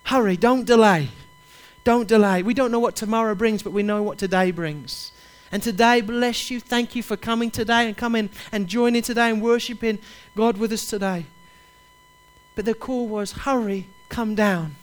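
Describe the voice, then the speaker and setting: A man's voice: high voice, fairly even intonation, normal speed. A man preaching a sermon, urging his listeners directly and repeating his key phrases with passion. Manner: impassioned, repetitive, urges listeners directly.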